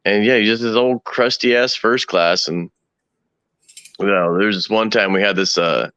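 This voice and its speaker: A man's voice: lowish voice, moderate pace, bright, forceful tone, clean tone, dry recording. A man, a guest on a live stream, telling profane stories in a laid-back way. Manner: laid-back, profane storyteller who acts out voices in his stories. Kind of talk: casual chat. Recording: dull, dry sound.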